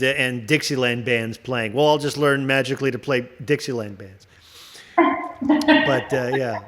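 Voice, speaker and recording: A man in loose, casual conversation, slightly higher-pitched than most men. He rambles from one riff to the next, swears freely and laughs a lot. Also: a bit bright. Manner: rambling, laughing, profane riffs. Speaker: host. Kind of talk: casual chat.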